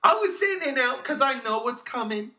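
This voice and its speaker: A man co-hosting a casual movie review podcast, animated, swearing freely and swinging from low murmurs to loud outbursts. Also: brisk. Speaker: podcast co-host.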